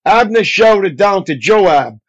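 A male pastor reads scripture aloud, phrase by phrase, at a measured pace. His voice is pitched high. The recording sounds dull and lo-fi. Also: lively intonation. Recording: dull lo-fi audio.

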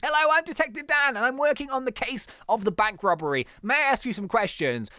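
Brief: gamer doing a dramatic detective, lively delivery, dry sound. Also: mid-range voice, fairly quick, no room sound, voice pushed up. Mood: earnest. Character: earnest adult male game detective.

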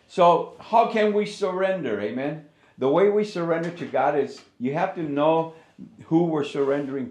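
A man's voice: medium pitch, darkish tone, roomy sound. A middle-aged male pastor preaching conversationally, acting out inner dialogues and often repeating words as he restarts. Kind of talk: sermon.

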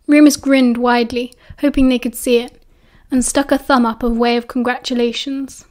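A woman with a British accent narrating a novel as an audiobook in a steady, expressive storytelling voice. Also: fairly high pitch, moderate pace. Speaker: audiobook reader.

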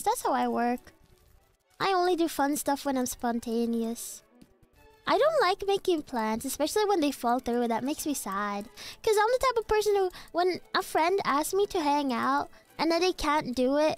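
A young-sounding woman with a high voice chats casually while streaming a game. She rambles playfully, jumping from topic to topic with frustrated outbursts. Faint game music plays underneath. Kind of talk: casual gaming livestream chat.

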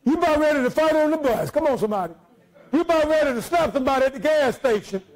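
A man preaching a sermon as pastor, shouting out to his congregation with folksy, joking asides. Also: very high-pitched, expressive, fast, poor audio.

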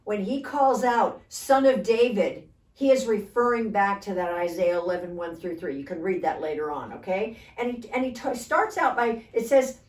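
A woman's voice: medium pitch, lively intonation, normal speed. Woman teaching scripture in an echoey room. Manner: explanatory, checks in with frequent "okay?". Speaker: Bible study co-leader. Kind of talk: conversational Bible teaching. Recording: echoey room, distant mic.

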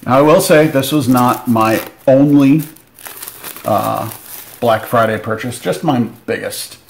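Excitable man unboxing a board game. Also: medium pitch, slow pace, creaky, slight background noise. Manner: excitable, joking asides. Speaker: board game channel host. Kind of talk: casual unboxing commentary.

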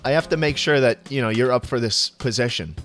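A man streaming a roleplay game, bantering loudly, cursing and shouting jokes. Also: medium pitch, faint music behind. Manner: loud, profane, quick to shout and joke. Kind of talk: casual gaming banter.

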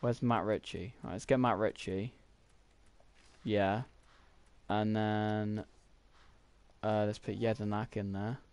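A man's voice: on the low side, fairly even intonation, slow, long pauses, darkish tone, smooth, no room sound. A young man, rambling through casual gameplay commentary while thinking aloud with lots of fillers. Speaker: gaming YouTuber.

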